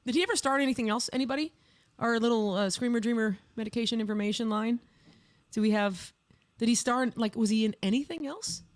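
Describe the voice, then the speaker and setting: A man's voice: extremely high pitch, fast. A man co-hosting a podcast in a studio, chatting casually, playful and argumentative as he reads out viewer comments. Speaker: podcast co-host. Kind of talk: casual chat.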